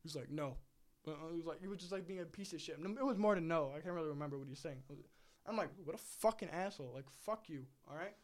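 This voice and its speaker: A man's voice: a little high, fast talker. A young man telling rambling, swear-filled stories in a casual chat, laughing through them. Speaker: podcast host.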